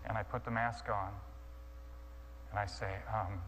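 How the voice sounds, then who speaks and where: A man's voice: lowish voice, little pitch movement, takes it slowly, pauses often, a bit bright. A man telling a dramatized sermon story, acting out his own thoughts with stammering restarts, heard in an echoey hall with a faint hum. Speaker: guest speaker.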